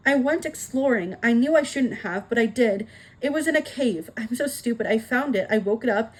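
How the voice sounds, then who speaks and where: Woman reader as a young mermaid girl, upset and tearful, higher voice. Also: lively intonation, moderate pace, slightly rough. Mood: distraught.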